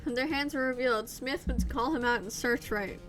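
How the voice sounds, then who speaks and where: A woman's voice: on the high side, normal speed, fairly bright tone, soft background music, close to an everyday voice. A smug, evasive female card dealer in a courtroom game, talking in an obviously fake Russian accent, as a woman puts her on. She lays out her schemes with sly self-assurance. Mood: scheming.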